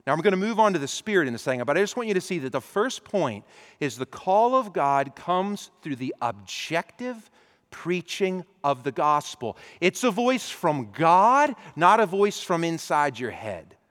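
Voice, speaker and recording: A pastor preaching a sermon, acting out imagined conversations with lively, animated delivery. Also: male voice, a little high, normal speed, big-room sound. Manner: animated, acts out imagined dialogue. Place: church.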